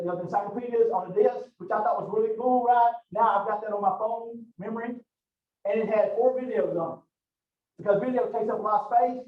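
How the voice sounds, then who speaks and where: A man giving a college classroom lecture in a rambling, conversational way, drifting into stories. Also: high-pitched. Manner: rambling, conversational, digressive storytelling. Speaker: college anatomy instructor. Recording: roomy, distant, dull lo-fi classroom recording.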